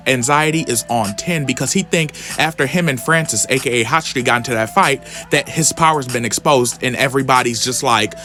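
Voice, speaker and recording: A man's voice: mid-range voice, a bit bright. A man recapping a comic book in sassy, chatty commentary, often calling the listener honey. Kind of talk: casual commentary.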